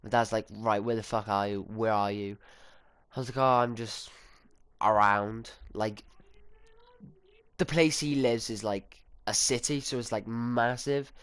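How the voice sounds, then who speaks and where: Sweary teen, smooth voice. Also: male voice, on the low side, steady tone, a little slow, fairly bright tone. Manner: sweary, chatty, full of fillers and quoted dialogue. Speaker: storytime vlogger. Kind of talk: casual rambling storytelling.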